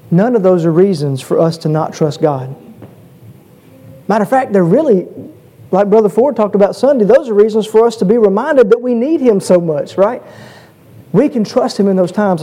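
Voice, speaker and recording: A man's voice: high voice, a little slow, warm tone. A man preaching a sermon, earnest and rising to emphatic peaks, often repeating words as he stresses a point.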